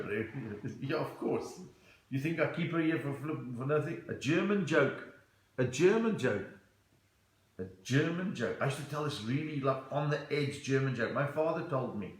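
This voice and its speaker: A medium-pitched male voice comes through with a roomy sound. It belongs to a South African man doing a chatty, playful comedy live stream from a room in his home, where he reads out comments and moves in and out of accents.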